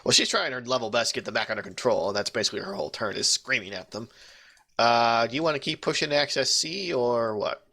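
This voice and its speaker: Gravelly, bright-voiced male game master. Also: mid-range voice, quick pace. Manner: joking, rambling with restarts. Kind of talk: running a tabletop game over voice chat.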